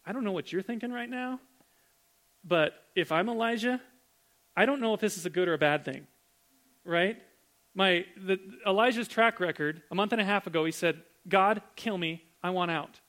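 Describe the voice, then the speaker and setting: A man with a notably high voice preaches a sermon. He talks in a conversational, animated way and keeps asking his listeners questions. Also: normal speed, pauses often.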